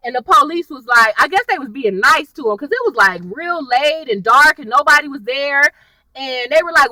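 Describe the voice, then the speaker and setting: A young woman gives a chatty, slang-filled recap of a TV episode and acts out the characters' lines as she goes. Her voice is high and very bright, swinging widely in pitch. The sound is dry, with her sitting a little back from the mic. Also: quick pace, dry recording, far from the mic, poor audio. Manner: chatty and animated, lots of slang and y'all. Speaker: TV recap vlogger.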